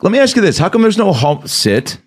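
A man hosting a casual interview podcast, joking, swearing and throwing in quick reactions. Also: high-pitched, sing-song. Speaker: podcast host.

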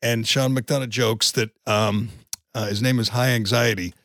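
A man's voice: mid-range voice, steady tone, normal speed, a bit bright, dry recording, studio quality. A man co-hosting a podcast, talking in an emphatic, indignant way in opinionated casual chat. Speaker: podcast co-host.

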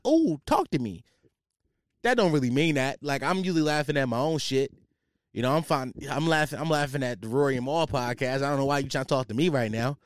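Alone on his casual podcast, a young male host spins a meandering tale about work, packed with slang and swearing. The recording is dry and studio quality, capturing his medium-pitched voice.

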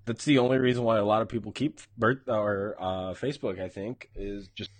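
Husky-voiced man teasing his co-host. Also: on the low side, fairly even intonation, a little fast, dry recording. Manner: joking, teasing banter. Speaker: podcast co-host. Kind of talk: casual chat.

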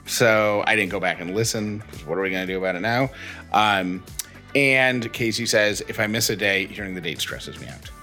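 A man's voice: lowish voice, moderate pace, sharp tone, faint music behind. A man co-hosting a podcast, chatting casually and reading listener texts with rambling self-corrections. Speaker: podcast co-host.

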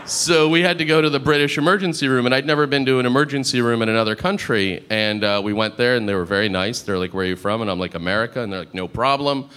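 A man performing a stand-up comedy set in a club, telling stories in a deadpan, dry manner and acting out other people's lines. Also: mid-range voice, quick pace, hardly any pauses. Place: comedy club stage before a live audience. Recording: live club recording with audience noise.

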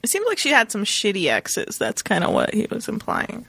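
Gravelly, lively woman co-host. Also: medium pitch, normal speed. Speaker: podcast co-host. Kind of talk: casual podcast chat.

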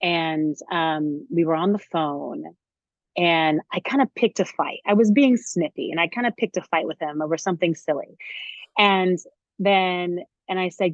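Young woman, animated storyteller, lowish voice, dry close sound, lo-fi. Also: moderate pace, no echo. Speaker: guest. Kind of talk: casual chat.

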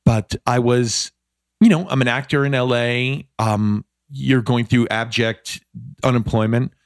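A middle-aged man, a podcast guest, telling a story in a casual chat, animated and self-deprecating. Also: mid-range voice, a little slow.

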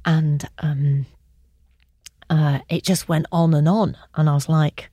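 A woman's voice: sits low, fairly even intonation, takes it slowly, dark tone, husky, dry recording, clean studio sound. A middle-aged woman and mother, telling stories with enthusiasm in casual chat. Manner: enthusiastic storyteller.

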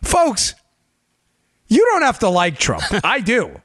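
A man hosting a political talk show, animated and emphatic, sarcastic and quick to laugh. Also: sits high, slightly rough, dry recording, clean studio sound. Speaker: host.

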